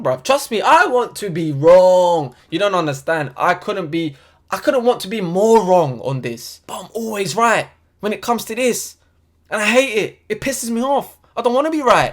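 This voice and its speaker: A young man ranting in a vlog, heated and exasperated, full of slang. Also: high voice. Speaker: football fan vlogger. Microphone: desk USB microphone.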